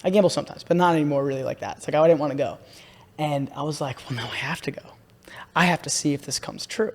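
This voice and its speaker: A young man on a podcast, excitedly telling a long story and calling his listener "bro" a lot. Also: fairly high pitch, quick pace. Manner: excitable, repeats himself, says "bro" a lot. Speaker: podcast host. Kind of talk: casual podcast chat, storytelling. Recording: room with long reverb.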